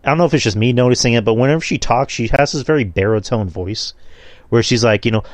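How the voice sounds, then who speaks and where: A man's voice: mid-range voice, fast talker, no room sound. A man in a casual podcast discussion who talks in a loose, opinionated and profane way.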